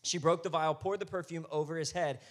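Animated pastor preaching. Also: male voice, on the high side, a little fast. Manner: animated, swings from hushed to loud and emphatic. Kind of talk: sermon.

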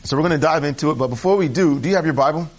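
A man's voice: on the high side, very fast. Candid, chatty male pastor. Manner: chatty and candid, rambling asides with restarts. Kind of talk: conversational sermon. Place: church service.

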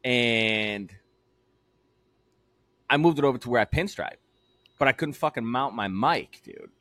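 A man's voice: mid-range voice, animated, a little slow, a bit bright, no room sound. A young man co-hosting a casual podcast, loose, joking and swearing freely. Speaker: podcast co-host.

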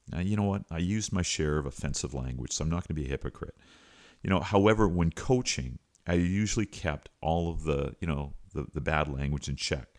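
A middle-aged man with a strikingly deep, low voice tells a story on his podcast. He talks in a relaxed, conversational way, pausing for fillers and restarting his sentences as he goes. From Canada. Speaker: podcast host and coach. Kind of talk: storytelling monologue.

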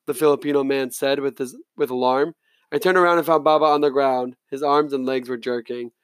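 A man reading an audiobook in steady, first-person narration. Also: mid-range voice, brisk, smooth, no echo.

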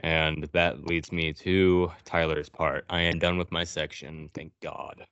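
A man's voice: a bass voice, little pitch movement, unhurried, fairly bright tone, smooth, no echo, highs cut off. A man hosting a podcast, recapping a movie's plot in a sarcastic, profane storytelling manner. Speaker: podcast host.

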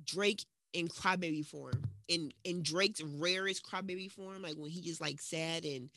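A woman co-hosting a casual podcast, talking in an animated, rambling way with teasing and swearing. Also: fairly low pitch, a little slow, no echo. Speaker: podcast co-host. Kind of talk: casual chat. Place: at home in another city from her co-host.

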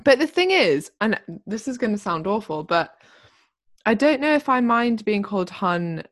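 A young woman in relaxed podcast chat, her pitch rising and falling in a lively way. She is chatty and quick to laugh, with a middle-pitched voice. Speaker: podcast co-host. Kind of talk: casual chat.

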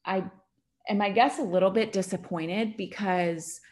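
A woman's voice: mid-range voice, steady tone, a little slow, darkish tone. A woman hosting her own podcast, talking candidly in a rambling, conversational way and retelling what people said to her. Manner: candid and rambling, with many fillers and retold dialogue. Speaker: podcast host. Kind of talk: casual confessional chat.

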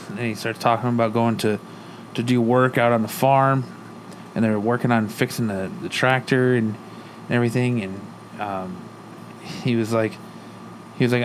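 A man's voice: medium pitch, fairly even intonation, moderate pace. Podcast guy retelling a comic, characters' lines in his normal voice, faint hiss behind him. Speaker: podcast co-host. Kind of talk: casual comic book recap.

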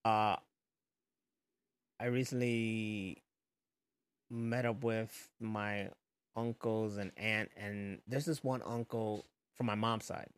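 A man's voice: on the low side, slow pace, long pauses, smooth. Laughing, profane man in casual chat. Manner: laughs often, profane, animated storytelling.

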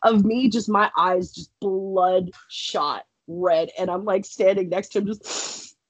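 Young woman, husky voice, dry close sound, casual podcast storytelling, swears freely, laughs often. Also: medium pitch, steady tone, takes it slowly, dry recording. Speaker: podcast guest, wrestler.

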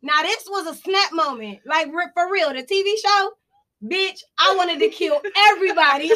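A woman's voice: very high voice, moderate pace, pushed and bright. A woman co-hosting a podcast, telling a long personal story in casual, profane chat with bursts of laughter. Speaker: podcast co-host.

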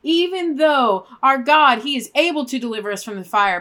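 A woman's voice: high-pitched, lively intonation, normal speed, pushed and bright. A woman co-hosting a faith podcast, talking emphatically and acting out prayers as she goes. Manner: emphatic, preachy, acts out prayers. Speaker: podcast co-host.

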